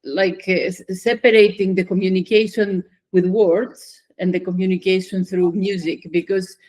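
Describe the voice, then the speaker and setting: A woman's voice: mid-range voice, level tone, moderate pace, darkish tone. A woman musician hosting an interview, speaking reflectively and searching for her words. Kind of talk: interview conversation.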